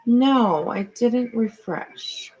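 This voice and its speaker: A woman's voice: a little high, drawn-out words, a little mellow, husky, poor audio. A middle-aged woman hosting a casual livestream from home on a computer mic. She talks in a rambling, chatty way and swears freely. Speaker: livestream host.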